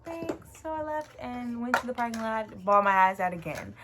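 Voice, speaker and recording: A woman's voice: medium pitch, a little fast. A young woman vlogger telling a story in a casual, emotional way, with lots of fillers and casual swearing. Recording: clear background noise.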